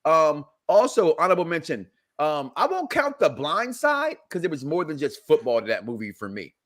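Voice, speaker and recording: Podcast host guy in his 40s, lively up-and-down voice, rambles a lot, laughs easy. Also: fairly high pitch, normal speed. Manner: animated, rambling, laughs often. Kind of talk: casual podcast chat.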